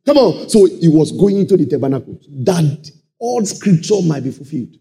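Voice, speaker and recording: A man preaching a sermon, calling out to the congregation and swinging into shouted and half-sung phrases. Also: a little high, moderate pace, gravelly. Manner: animated call-and-response preaching, sudden shouts and sung phrases.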